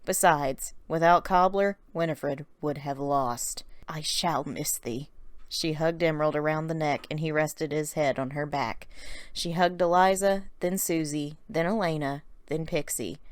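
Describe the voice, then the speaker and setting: Woman narrator, storybook reading, calm, lowish voice, dry close sound. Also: measured pace, clear, resonant tone, no echo.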